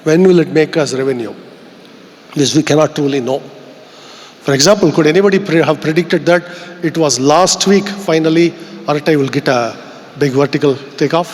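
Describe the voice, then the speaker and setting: Speaking at a moderate pace, a man with an Indian English accent gives an earnest conference keynote in a fairly high voice. He thinks out loud and puts rhetorical questions to the audience, his words carrying the long echo of a big hall.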